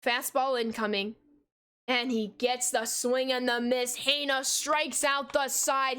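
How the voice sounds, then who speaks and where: A high, clear, resonant voice with a fairly bright tone and little pitch movement comes slowly from a woman in her twenties. She streams play-by-play baseball commentary, answering live chat upbeat and casual, with a "yo" for viewers.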